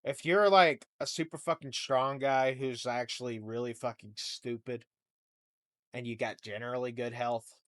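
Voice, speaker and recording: A man's voice: mid-range voice, moderate pace, a bit bright. A young man hosting a comedy podcast, rambling through a profane, jokey monologue. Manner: rambling, profane, jokey rants with mock voices.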